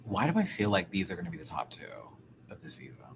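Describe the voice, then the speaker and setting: A man casually reviewing a show live, animated and campy, often laughing and singing bits. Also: deep voice, fast, noisy background. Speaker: YouTube reviewer.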